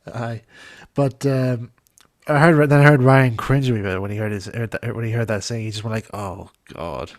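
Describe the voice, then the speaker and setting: A man's voice: medium pitch, level tone, brisk, dry recording, clean studio sound. A man hosting a casual live stream chat, rambling with many restarts and fillers. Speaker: host.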